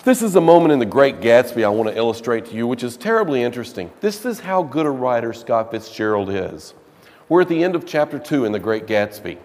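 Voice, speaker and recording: A man's voice: mid-range voice, very animated, fairly quick, a little mellow, in a large hall. A man teaching a literature class, lecturing casually and reading passages aloud with dramatic emphasis.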